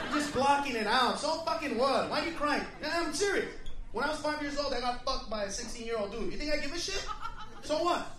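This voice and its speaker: A man's voice: very high-pitched, noisy background. A man doing a stand-up comedy set on a club stage, ranting with heavy profanity and acting out the people he mocks. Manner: profane, aggressive rants with acted-out quotes. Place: comedy club stage before a laughing crowd. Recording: echoey live room, mic heard from far. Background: loud audience laughter.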